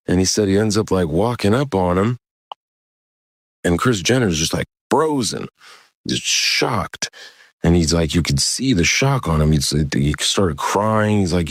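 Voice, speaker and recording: A man's voice: low-pitched, lively intonation, a little slow, no echo, clean studio sound. A young man hosting a podcast, telling a story in a rambling, slangy, laid-back way. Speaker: podcast host. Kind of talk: casual storytelling.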